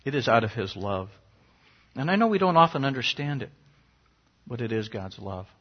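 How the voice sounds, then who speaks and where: A man's voice: medium pitch, sing-song, normal speed, husky. A middle-aged man preaching a sermon, earnest and conversational, sometimes rising sharply for emphasis. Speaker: pastor. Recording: dull lo-fi recording.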